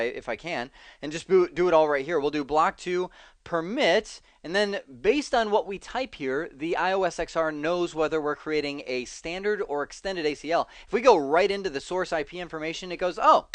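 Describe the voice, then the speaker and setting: A man's voice: fairly high pitch, no echo. A man teaching a networking lesson in a casual, chatty way, thinking aloud, correcting himself and adding wry asides. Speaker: networking instructor. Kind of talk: casual screen-recorded tech lesson.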